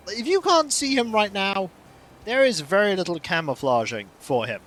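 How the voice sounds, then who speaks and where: A streamer casually commenting on gameplay, playful, with quiet asides. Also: medium pitch, moderate pace. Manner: playful, animated, drops to soft asides.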